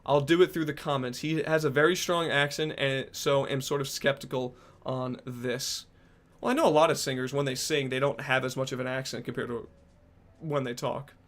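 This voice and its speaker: A young man streaming casually, reading out and answering chat messages, joking and swearing with sudden loud outbursts. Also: medium pitch, fairly even intonation, moderate pace.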